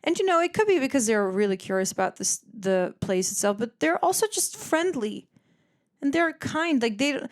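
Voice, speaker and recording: She's a podcast host in her twenties from the Netherlands with a smooth, mid-range voice. Her casual chat is animated and full of swearing, and she slips into impressions of other people.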